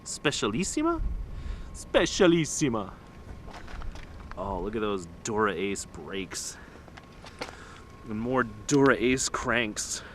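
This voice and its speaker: A man chatting to the camera while trash picking outdoors at night, excitable, through a small camera-mounted mic. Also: fairly low pitch, slow, a little hiss or hum. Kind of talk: casual vlog narration.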